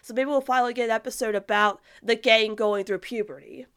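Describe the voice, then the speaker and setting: Young woman host, casual and rambling with fillers, clear smooth tone, pitched a bit high. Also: a little fast. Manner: rambling, animated, many fillers and restarts. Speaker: podcast host reading viewer comments. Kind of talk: casual fan chat.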